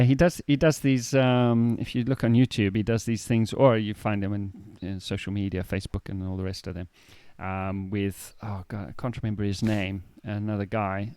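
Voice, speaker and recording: Smooth, low-voiced male podcast co-host. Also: fairly even intonation, darkish tone, dry recording. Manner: explains words slowly with definitions and quotes. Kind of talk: casual chat about word meanings.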